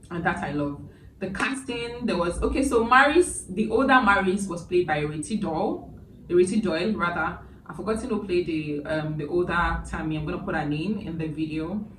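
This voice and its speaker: Woman movie reviewer, chatty, emotional asides, low voice, echoey room, noisy background. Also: a bit bright. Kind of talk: casual spoken review. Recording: echoey room, distant mic, background noise.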